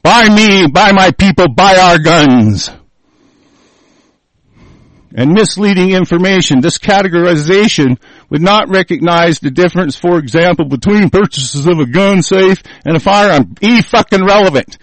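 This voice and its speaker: A man with a fairly high voice rants in a furious, profane tirade, cursing at every turn. The sound is close and dry, with no room echo. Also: moderate pace. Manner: angry profane ranting. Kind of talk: political rant.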